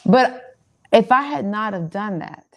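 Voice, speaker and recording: A woman's voice: mid-range voice, lively intonation, a little slow. A woman co-hosting a marriage talk, a communication trainer who affirms and tells stories in a chatty way. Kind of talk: casual chat.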